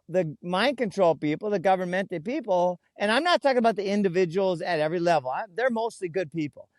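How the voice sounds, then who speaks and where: A man speaking as an interview guest, telling stories earnestly and slowing right down to stress his key words, recorded outdoors. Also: sits high, no echo, studio quality. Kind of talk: conversational interview. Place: outdoors in a food forest.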